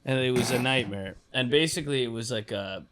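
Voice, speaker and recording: Laughing, animated man telling a story. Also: mid-range voice, fairly quick, background noise. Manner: animated storyteller, acts out quoted people, laughs often. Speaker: stand-up comedian, podcast co-host. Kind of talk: casual chat, storytelling.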